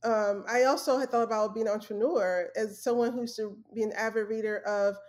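A woman's voice: mid-range voice, fairly even intonation, brisk, darkish tone. Young woman guest, earnest, lots of ums and restarts, chatty interview. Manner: earnest, storytelling, many fillers and restarts. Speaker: guest, former journalist. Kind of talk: casual interview conversation.

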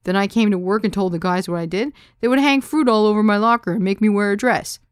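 A woman voicing a burly, gentle male firefighter who speaks earnestly. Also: mid-range voice, fast talker, clear, resonant tone, no echo, clean studio sound, pitched above the performer's own voice, lightly acted. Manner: sheepish, earnest.

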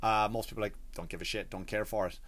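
A man's voice: lowish voice, steady tone, fast, fairly bright tone. A man in his thirties with an Irish accent, telling a comic story as a podcast host, rambling and swearing, with many restarts. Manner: rambling, profane, frequent restarts and asides.

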